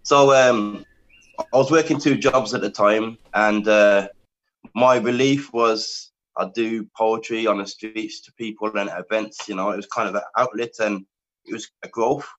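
A man who is a poet, telling his story calmly and steadily as an interview guest. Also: lowish voice, unhurried, dull audio.

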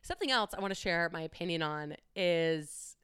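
A woman's voice: lowish voice, expressive, moderate pace, fairly bright tone, clean tone, no echo, studio quality. A young woman talking candidly on her own, chatty and casual, with frequent swearing. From United States. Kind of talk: casual solo monologue.

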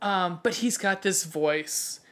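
A woman's voice: on the low side, slow, fairly bright tone. A woman co-hosting a podcast in casual chat, swearing freely and gushing enthusiastically as she rambles. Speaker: podcast co-host.

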